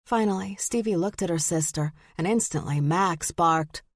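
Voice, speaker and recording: A woman narrating an audiobook in a measured, deliberate way. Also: on the low side, dry recording, clean studio sound. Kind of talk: scripted narration.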